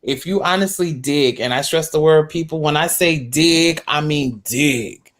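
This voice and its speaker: A woman's voice: low voice, normal speed. A woman speaking on an online panel in an earnest way, repeating words to stress a point and adding apologetic asides. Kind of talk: casual panel discussion.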